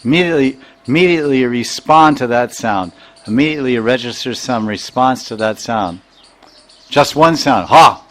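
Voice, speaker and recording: A man teaching from scripture in a sermon, his voice at an ordinary middle pitch. He recites Sanskrit verses and works through their meaning phrase by phrase. Small chuckles slip in between his explanations. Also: normal speed. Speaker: spiritual teacher. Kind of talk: scripture lecture.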